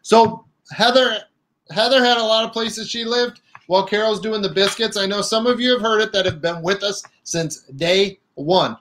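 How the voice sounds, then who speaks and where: A man's voice: high-pitched, normal speed, fairly bright tone. A man co-hosting a casual craft livestream, chatting and reading out viewers' comments. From Chicago area, United States. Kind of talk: casual live-stream chat.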